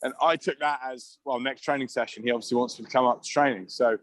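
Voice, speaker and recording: A man's voice: mid-range voice, steady tone, fast, a bit bright, no room sound. Rambling middle-aged man, dry mic. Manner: rambling anecdotes with many restarts and laughs. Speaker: guest, former rugby player. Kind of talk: casual storytelling chat.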